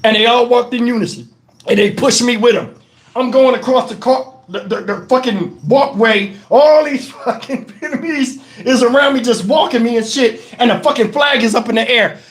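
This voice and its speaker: Male livestream host, high voice, loose and profane, laughs mid-story. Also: moderate pace. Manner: animated, profane, laughs through his stories. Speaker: live stream host. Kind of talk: casual storytelling on a live stream.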